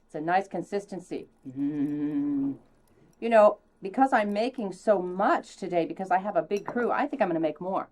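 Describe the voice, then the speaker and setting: A woman hosting a casual cooking demonstration, chatty and theatrical, now and then dropping mock French phrases with high, excited exclamations. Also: moderate pace. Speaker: cooking show host.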